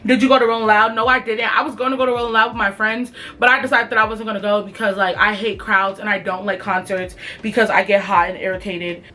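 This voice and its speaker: A woman's voice: medium pitch, level tone, fast talker, few pauses, pushed and bright. A young woman telling a storytime and answering questions in a chatty, slangy, profane way with lots of fillers. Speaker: vlogger. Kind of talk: casual storytime and Q&A.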